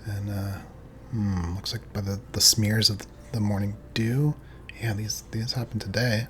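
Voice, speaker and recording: A man with a fairly low voice narrates as game master, loose and hesitant, pausing often. A faint hiss runs under him. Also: fairly even intonation, fairly bright tone. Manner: loose, hesitant, full of ums.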